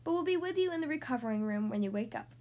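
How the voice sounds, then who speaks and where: A woman's voice: on the high side, lively intonation, racing, darkish tone, natural voice. A woman voicing a loving mother turtle.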